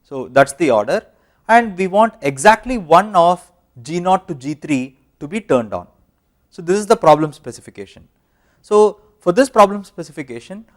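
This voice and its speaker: A man with an Indian English accent giving a university lecture, explaining step by step with fillers and self-corrections. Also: fairly high pitch.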